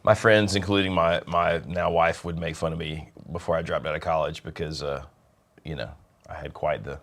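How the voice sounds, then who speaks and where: A man's voice: a bass voice, steady tone, normal speed, creaky, fairly bright tone. A man with a Southern US accent co-hosting a casual livestream, easygoing and wry, reading viewer comments aloud. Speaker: livestream co-host. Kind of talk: casual chat.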